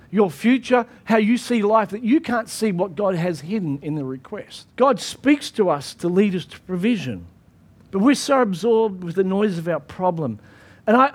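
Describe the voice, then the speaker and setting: Very high-voiced man preaching. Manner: emphatic preaching with repeated phrases. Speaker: pastor. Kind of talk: sermon.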